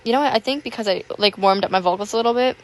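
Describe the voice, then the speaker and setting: A young woman in her teens chatting casually, rambling with lots of fillers and a self-conscious, apologetic manner; her voice sounds a little rough. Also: medium pitch, very fast. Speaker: YouTuber. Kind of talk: casual chat over gameplay.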